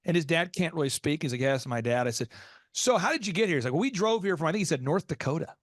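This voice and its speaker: American guy hosting a podcast, kinda high voice, dry close sound, tells stories with lots of energy. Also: quick pace, dry recording. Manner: lively, jumps into high excited voices when acting out reactions. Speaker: podcast host. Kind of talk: animated storytelling in a business podcast.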